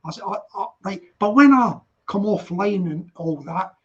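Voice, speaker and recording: A man's voice: high voice, lively intonation, normal speed, slightly rough. A man in his sixties from Scotland with a Glaswegian accent, hosting a casual online chat and rambling as he repeats himself. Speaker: host. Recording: muffled lo-fi online call audio.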